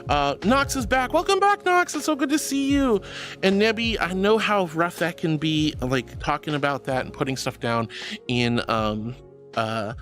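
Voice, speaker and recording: A young woman streamer chatting casually and reading out chat messages, bubbly, giggly and affectionate. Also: deep voice.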